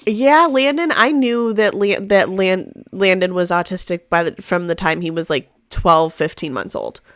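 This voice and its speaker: A woman's voice: lowish voice, moderate pace, a bit bright, no room sound, studio quality. A woman hosting a casual live chat, rambling along with many fillers and restarts. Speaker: host; mother.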